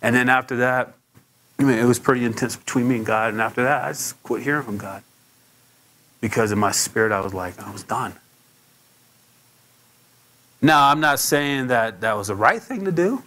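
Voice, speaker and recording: A man preaching in an easy, conversational way, his voice at an ordinary middle pitch. He tells stories, stumbles and repeats himself now and then, and his voice leaps far higher when he acts out what people said. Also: normal speed, pauses often, fairly bright tone. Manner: leaps much higher when acting out quotes. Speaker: pastor. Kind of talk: sermon.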